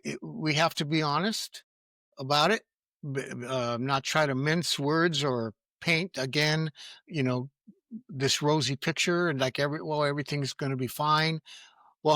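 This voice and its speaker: A middle-aged man with a slightly high, bright and forceful voice talks earnestly as a guest parenting coach. He reflects candidly on his own experience. The sound is close and dry. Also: dry recording. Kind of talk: candid interview answer.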